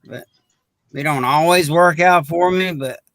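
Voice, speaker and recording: A man's voice: fairly high pitch, measured pace, a bit bright, no room sound. A man, chatting on a podcast in a folksy, earnest storytelling way. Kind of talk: casual chat.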